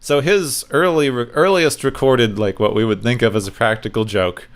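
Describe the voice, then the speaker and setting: A man co-hosting a podcast, relaxed and telling trivia in a casual chat. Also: medium pitch, moderate pace. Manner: relaxed, recounts trivia with fillers. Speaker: podcast co-host.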